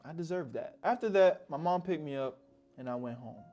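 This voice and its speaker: A man's voice: on the high side, animated, moderate pace, dark tone, soft background music. A young man narrating a personal story in a candid, slangy, reflective way. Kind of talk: casual storytelling.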